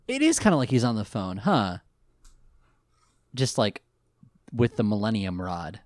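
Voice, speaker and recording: A man co-hosting a casual recap chat, jokey and animated, breaking into goofy voices. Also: on the low side, a little slow, no echo. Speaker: podcast co-host recapping an anime.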